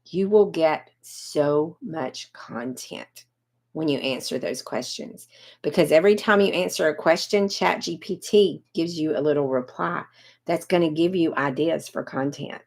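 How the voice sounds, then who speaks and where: This is a woman in her fifties coaching an online audience during a livestream. Her voice sits slightly low, and she talks in a chatty, direct way. She often stops to answer viewers by name. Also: measured pace, darkish tone. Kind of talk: casual livestream pitch.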